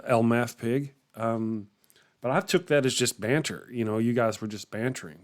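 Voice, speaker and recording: A man hosts a morning livestream and talks loosely to his viewers. He rambles, chuckles often, and trails off in the middle of thoughts. His voice sits at an ordinary middle pitch for a man. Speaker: livestream host. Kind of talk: casual chat reacting to viewer comments.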